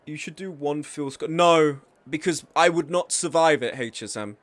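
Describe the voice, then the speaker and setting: A man streaming a video game rants about other players and his own bad luck, exasperated and self-mocking, in casual stream chat. His voice runs high and expressive at a normal speed with few pauses.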